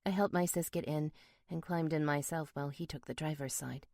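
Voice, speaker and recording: A woman narrating a first-person romance audiobook in a steady, measured way. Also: deep voice, no echo, clean studio sound.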